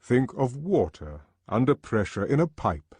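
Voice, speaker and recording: A man voicing a calm, authoritative world controller who lectures in a measured way. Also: mid-range voice, slightly rough, dry recording. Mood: lecturing.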